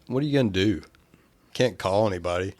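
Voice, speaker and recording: A man's voice: low voice, a little fast, a little mellow, dry recording. A man visiting as a guest on a horror podcast, chatting casually about a film with short, dry remarks. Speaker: guest from a cinema. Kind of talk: casual movie chat.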